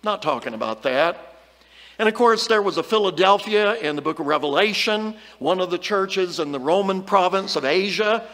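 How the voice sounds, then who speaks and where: High-voiced man preaching with long reverb. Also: animated, normal speed, fairly bright tone. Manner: earnest, emphatic, reads scripture aloud with rising stress. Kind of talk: Bible lesson sermon.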